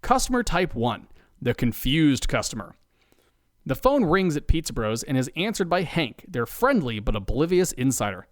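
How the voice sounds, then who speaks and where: A man narrating a comic tale with a lively, bouncing pitch and deadpan asides. His voice sits in a middle range and is recorded dry and close. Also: normal speed, dry recording. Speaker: podcast narrator. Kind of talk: scripted comedic narration.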